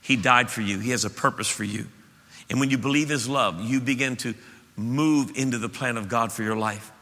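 A male pastor preaching an impassioned sermon to his church, swelling to loud peaks. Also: medium pitch, moderate pace. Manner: impassioned, rising to shouts at peaks. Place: church auditorium. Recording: reverberant church hall.

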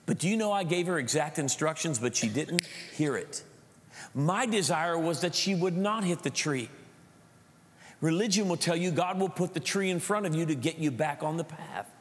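A man's voice: a little high, moderate pace, a little hiss or hum. A middle-aged male pastor preaching a sermon, telling a family story with frequent repeated words and restarts. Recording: long hall reverb.

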